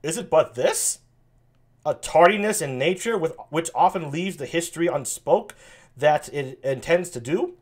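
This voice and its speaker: A man reading the part of a young king in a soft-spoken yet confident voice. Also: a little high, expressive, moderate pace. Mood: dignified.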